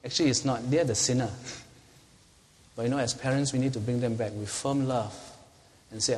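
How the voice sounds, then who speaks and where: A man's voice: mid-range voice, fairly quick, long pauses. A middle-aged man preaching a sermon as a pastor, talking to the congregation in a conversational way and asking them rhetorical questions. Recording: long reverb in a hall.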